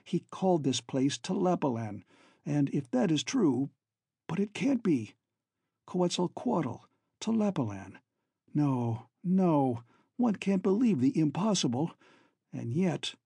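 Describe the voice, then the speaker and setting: A brooding older man in an audiobook tale who mutters in fearful disbelief, as a male narrator puts him on. His voice is pitched noticeably higher than the narration, rough and husky. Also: normal speed, mellow, no room sound, clean studio sound. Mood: dread. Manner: muttering, uneasy.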